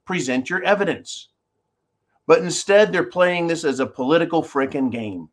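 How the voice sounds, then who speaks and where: Male host, fairly high voice, sarcastic and combative commentary addressed to his audience. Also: moderate pace. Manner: sarcastic, combative, talks straight to viewers. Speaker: show host. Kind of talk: opinionated commentary.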